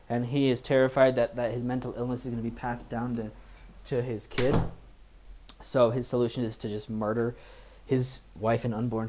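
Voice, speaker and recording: A man's voice: mid-range voice, dark tone, a little hiss or hum. A man co-hosting a podcast, casually retelling a movie plot with lots of fillers. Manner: rambling, filler-heavy retelling. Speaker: podcast co-host. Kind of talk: casual movie review chat.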